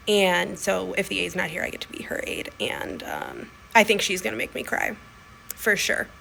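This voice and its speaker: A woman's voice: mid-range voice, vocal fry, bright, forceful tone, a little hiss or hum. Emotional young woman, chatty vlog. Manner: chatty, fillers, on the edge of tears. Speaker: school aide. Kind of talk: casual vlog. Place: school classroom.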